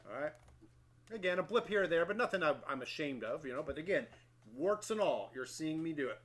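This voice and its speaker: A man's voice: a little high, lively intonation, brisk, a bit bright. A middle-aged brass player casually walking through his daily practice routine, candid and self-deprecating, thinking aloud with small restarts. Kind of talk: casual instructional talk.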